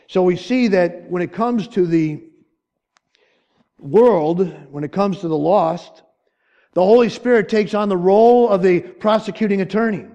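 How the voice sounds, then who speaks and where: A man preaching a sermon in an earnest way, pleading loudly at times and then dropping to a hushed, choked-up voice. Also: high-pitched, unhurried, dull audio. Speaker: pastor.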